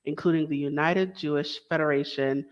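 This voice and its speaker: A woman's voice: sits low, steady tone, brisk, dull audio. A young woman hosting a casual talk show, chatty and enthusiastic, with small asides and self-corrections. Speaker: host. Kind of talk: casual podcast introduction.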